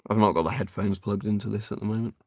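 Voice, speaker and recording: A man's voice: on the low side, steady tone, fast, a little mellow, no room sound, studio quality. A man doing a casual live stream, chatting and thinking aloud while he tests equipment.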